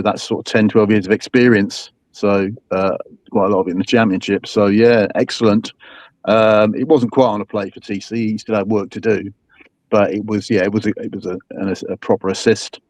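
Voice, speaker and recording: A man talks about football in a rambling, hesitant way, with many fillers and restarts. His voice is fairly low and the sound is dry. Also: a little mellow, dry recording. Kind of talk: casual football chat.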